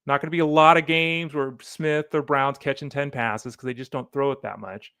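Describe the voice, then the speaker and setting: A man hosting a solo fantasy football podcast, animated and opinionated, talking straight to the listener. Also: medium pitch, moderate pace, gravelly, clear, resonant tone, dry recording, studio quality. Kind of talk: solo sports podcast commentary.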